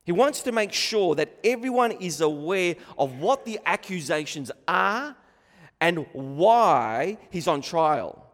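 Preaching a sermon with earnest emphasis, an Australian man speaks slowly in a voice that sits high for a man and is a bit bright. He's very animated, repeating words and restarting phrases to press his points. A long reverb suggests a large hall.

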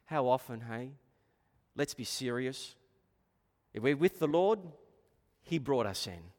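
A man preaching a sermon in a church, impassioned and swinging from hushed, low lines to loud, urgent ones. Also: expressive, measured pace. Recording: long hall reverb.

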